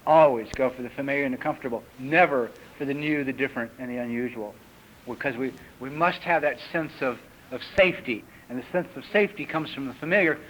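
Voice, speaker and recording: A man in his fifties, a recovery meeting speaker, gives a personal talk full of lively storytelling and acted-out characters, on an old 1980s tape recording. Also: medium pitch, quick pace. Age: 50s. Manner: lively storyteller who acts out characters in raised voices. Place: retreat meeting hall. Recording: dull lo-fi 1980s tape recording with faint hiss.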